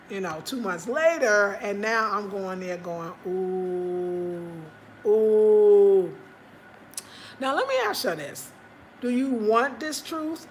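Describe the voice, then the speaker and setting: An American woman chats on a casual livestream, spinning stories for her viewers in an even, mid-pitched voice. She keeps jumping into high, animated little cries when she acts out what other people said. A faint hum of ambient noise sits behind her. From United States. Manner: animated storytelling, acting out quotes in high cries; chatty, talks straight to viewers. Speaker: livestream host.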